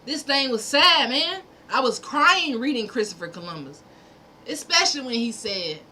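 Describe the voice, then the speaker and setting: A woman speaks straight to her livestream viewers with fervent conviction. She builds her points through hammering repetition and drops in the odd curse. Her voice is bright and forceful and sits a little high, over a faint hiss. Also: expressive, moderate pace. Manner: preachy, fervent, profane, speaks in repeated punchy phrases. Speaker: livestream host. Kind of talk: impassioned livestream monologue.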